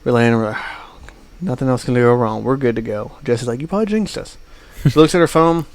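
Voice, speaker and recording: A man's voice: mid-range voice, a little fast. A man co-hosting a podcast, telling a long travel anecdote in casual chat, full of fillers like "uh" and "like". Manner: rambling anecdote with many fillers. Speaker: podcast co-host.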